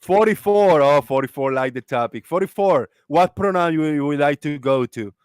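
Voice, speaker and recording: A man's voice: on the high side, moderate pace, a little mellow, smooth, no room sound, studio quality. Profane ranting man hosting a voice chat. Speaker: host. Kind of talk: casual live voice chat. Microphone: online voice call.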